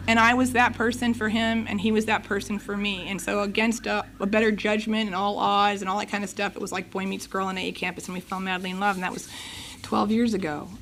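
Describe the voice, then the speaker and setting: A middle-aged woman giving her personal testimony at a recovery meeting, telling her story in a lively way and acting out the conversations. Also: medium pitch, a little hiss or hum.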